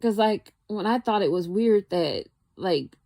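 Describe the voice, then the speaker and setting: A woman's voice: mid-range voice, lively intonation, a little slow, creaky, warm tone. A young woman talking casually to camera, rambling and musing, with lots of "like". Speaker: vlogger.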